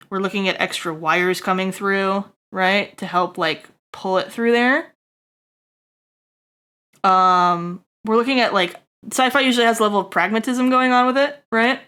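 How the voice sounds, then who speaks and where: Bright-voiced woman rambling through a design critique. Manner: rambling, filler-heavy, checks in with "right?"; jokey asides to chat, bursts high and loud. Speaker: streamer giving character design critique. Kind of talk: casual livestream critique.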